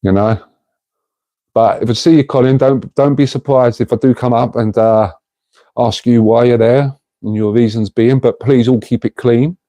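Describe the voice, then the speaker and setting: A man's voice: mid-range voice, steady tone, moderate pace, dark tone, no room sound. A middle-aged man, hosting a casual livestream and talking to viewers in an earnest, rambling way. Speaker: livestream host.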